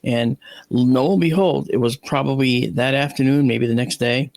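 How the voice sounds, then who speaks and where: A man with a gravelly, creaky edge to his voice, a guest in an interview, spinning casual stories with plenty of restarts and repeated words. He acts out the voices of the people in his tales, and the sound is dry and close with no room echo. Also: mid-range voice, moderate pace. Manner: animated anecdotes, acting out his own and others' lines. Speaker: guest, astronomer and video analyst.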